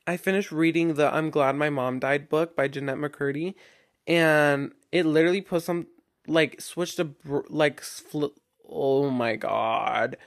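A man's voice: a little high, unhurried. A young man in his late teens hosting his own podcast, talking casually in a rambling way, full of fillers and restarts. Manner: rambling, chatty, heavy filler "like", frequent restarts. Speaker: podcast host. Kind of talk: casual solo podcast monologue.

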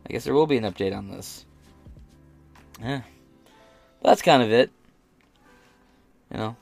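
A man's voice: medium pitch, a little slow, vocal fry, darkish tone, soft background music. An American man hosting a podcast, reacting to news in a blunt, profane rant. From United States. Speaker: podcast host. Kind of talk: casual reaction commentary.

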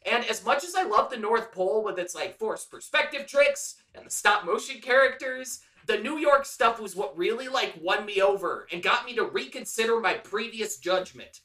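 A man's voice: high-pitched, expressive, moderate pace, few pauses, bright, forceful tone, echoey room, recorded from a distance. A man co-hosting a podcast, reviewing a film in casual, profane, enthusiastic chat. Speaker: podcast co-host.

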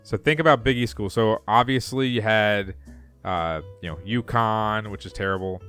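A man's voice: on the low side, moderate pace, fairly bright tone, clear, resonant tone, soft background music. Laughing man reading trivia questions. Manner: reads trivia questions aloud, laughs often. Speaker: podcast co-host. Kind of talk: casual trivia chat.

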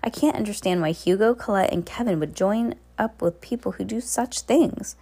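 A woman voicing a bookish teenage boy, thoughtful and worried, with a gravelly edge. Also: mid-range voice, moderate pace, mellow. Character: bookish worried teen brother.

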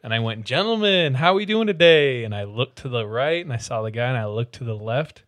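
A man co-hosting a podcast, chatting casually and telling lively stories, often laughing as he talks. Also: fairly low pitch, fast. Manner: animated storyteller, laughs often. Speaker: podcast co-host. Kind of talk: casual chat.

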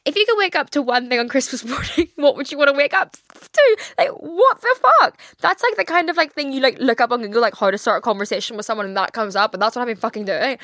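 A woman's voice: a little high, rapid-fire, few pauses, a bit bright, no room sound. A young woman hosting her own podcast, talking in a candid, rambling way and swearing freely. She is teary and close to crying. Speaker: podcast host. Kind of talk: casual solo podcast chat.

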